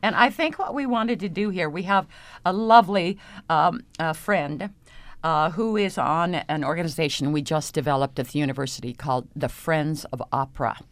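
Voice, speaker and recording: Low-voiced woman speaking in a dry studio. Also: no room sound. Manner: unhurried, explanatory, with frequent hesitations and light laughs. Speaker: opera singer and voice teacher. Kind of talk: radio interview guest.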